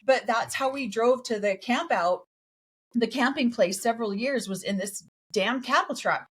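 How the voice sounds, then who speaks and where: A woman co-hosting a casual podcast with a fairly high voice. She talks in a lively way, telling stories and acting out what others said. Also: normal speed, slightly rough. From raised in a polygamous community in the United States. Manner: animated storytelling, acts out quotes. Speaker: podcast co-host. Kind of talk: casual chat.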